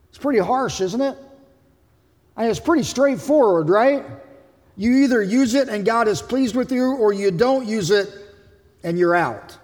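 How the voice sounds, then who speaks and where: High-voiced man preaching a sermon. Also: expressive, moderate pace, long pauses, a little mellow, in a large hall. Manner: emphatic preaching, voicing characters from scripture. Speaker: pastor.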